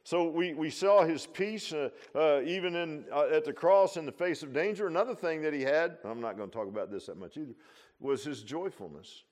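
Folksy pastor, slightly high voice. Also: male voice, a little fast. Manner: animated and folksy, with laughs and rhetorical asides. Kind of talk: informal sermon.

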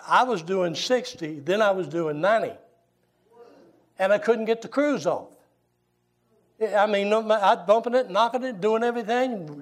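An older man, a Baptist pastor preaching a sermon and telling folksy, animated stories. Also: high-pitched. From Southern US. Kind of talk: sermon with storytelling.

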